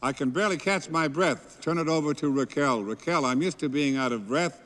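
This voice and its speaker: A man's voice: fairly high pitch, a little fast, fairly bright tone, long reverb tail. A man hosting a live event on stage, trading jokey, awkward banter with a co-host.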